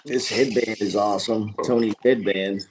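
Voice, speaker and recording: A man's voice: lowish voice, steady tone, normal speed, slight background noise. A man, a guest grower, chatting casually and easygoing about his plants. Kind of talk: casual chat.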